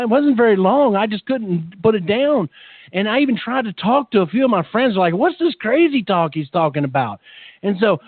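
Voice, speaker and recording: A man telling his conversion story as a testimony, fervent and halting, often repeating words. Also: high-pitched, no echo. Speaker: testimony speaker. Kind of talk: emotional personal testimony. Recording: tinny phone-like line, dry.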